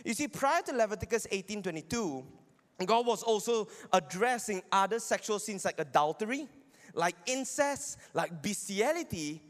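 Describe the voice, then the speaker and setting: Heard through a long hall reverb, this man's voice sits high and sounds animated at a moderate pace. As a Bible teacher giving a teaching sermon, he makes arguments and frequently asks his audience "right?"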